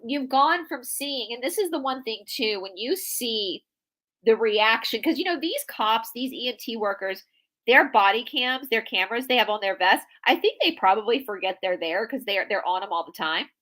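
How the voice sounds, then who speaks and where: A woman's voice: fairly high pitch, a bit bright, low-quality recording. A woman co-hosting a casual chat, telling a story earnestly and emotionally, with frequent restarts. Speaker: podcast co-host. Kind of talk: casual chat about a news case.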